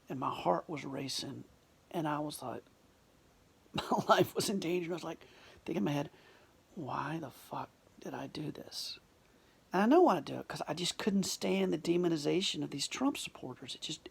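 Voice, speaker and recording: A man's voice: a little high, gravelly, breathy edge. A man telling a personal story in an earnest monologue, often dropping to a whisper and restarting his sentences. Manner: restarts and repeated words.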